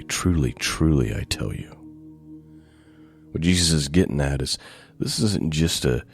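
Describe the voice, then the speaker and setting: A man preaching a sermon, reading scripture aloud and then explaining it with deliberate, emphatic repetition. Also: a bass voice, a little mellow. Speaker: pastor.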